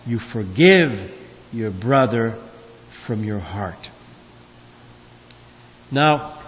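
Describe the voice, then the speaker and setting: Slow emphatic preacher in a reverberant hall. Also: male voice, mid-range voice. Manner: emphatic preaching with swells and drops. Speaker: pastor. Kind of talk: sermon. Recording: long reverb of a large hall.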